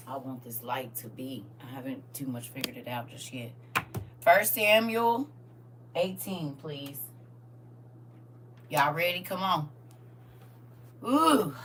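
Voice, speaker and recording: A woman hosting a live-streamed Bible study, tearful and emotional, chatting warmly and animatedly with her viewers and calling them baby and honey. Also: low-pitched, expressive, slow pace, pauses often, distant mic, slight background noise.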